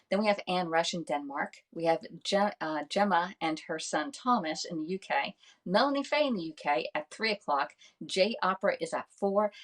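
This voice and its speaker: A woman with a slightly low voice runs a casual live cooking stream in her home kitchen, talking into a phone camera. She chats along and thanks viewers by name, and she keeps checking in with "all right?" at the ends of her lines.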